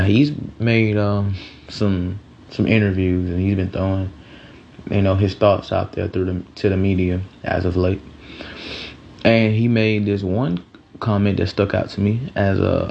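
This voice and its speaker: Male sports host, gravelly and low, rambling and profane, dull lo-fi recording. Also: darkish tone, a little hiss or hum. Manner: rambling, loose and profane, many restarts. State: a little tired. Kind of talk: casual sports talk.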